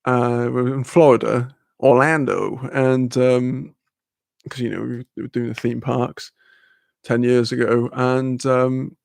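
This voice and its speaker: Gravelly, rambling young streamer guy. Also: mid-range voice, fairly even intonation, slow, darkish tone, no echo. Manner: rambling, swearing, laughing often. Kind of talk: casual livestream chat.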